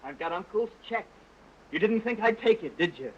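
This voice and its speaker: A man's voice: high voice, animated, moderate pace, crowd noise. A bitter, half-drunk young man. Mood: sardonic. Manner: sardonic, mocking speeches. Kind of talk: early sound-film acting. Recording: dull early talkie sound with music.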